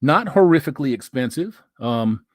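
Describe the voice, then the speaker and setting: A man's voice: medium pitch, expressive, normal speed, dry recording, studio quality. A middle-aged man hosting a casual livestream, reading viewer comments aloud and bantering in a loose, profane way. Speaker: livestream host.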